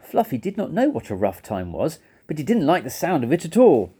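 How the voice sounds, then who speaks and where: A man reading a children's story aloud in an expressive, playful way, laughing along with it. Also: fairly high pitch, brisk, slightly rough.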